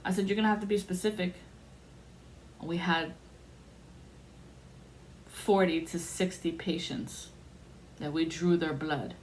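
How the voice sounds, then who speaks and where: A woman's voice: on the low side, steady tone, a little slow, long pauses, a little mellow. A woman telling a personal story in a blunt, casual way, acting out the voices of the people she quotes. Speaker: podcast host telling a story. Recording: faint background noise.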